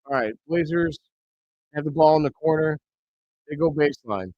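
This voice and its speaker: Streamer man, fairly high voice, dry dull home mic, excitable play-by-play caller. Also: moderate pace, dry recording. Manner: bursts into excited shouts on big plays. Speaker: host of a live reaction stream. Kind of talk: play-by-play commentary.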